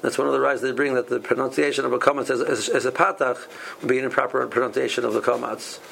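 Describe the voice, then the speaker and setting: Halting man teaching a Torah class. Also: medium pitch, steady tone, creaky, a bit bright, a little hiss or hum, low-quality recording. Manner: halting, many restarts and repeated words. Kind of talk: halachic lesson.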